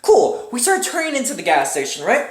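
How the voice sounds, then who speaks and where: Animated woman telling a storytime, echoey room. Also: on the high side, fairly quick. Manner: animated, profane, dramatic storytelling. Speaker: storytime YouTuber. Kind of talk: casual storytime vlog. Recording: roomy echoing room.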